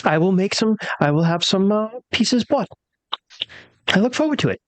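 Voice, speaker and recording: A woman's voice: mid-range voice, expressive, normal speed, dry recording. A woman playing her character in a tabletop game, polite and flustered, stammering through thanks. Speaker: player. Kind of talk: in-character tabletop role-play.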